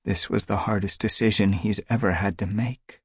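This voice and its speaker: A man voicing a weary female warrior cat who speaks softly and anxiously in a storybook reading. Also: lowish voice, fairly even intonation, moderate pace, breathy edge, no echo, studio quality, pitched above the performer's own voice. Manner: soft, anxious pleading. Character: worried she-cat warrior, gentle and weary.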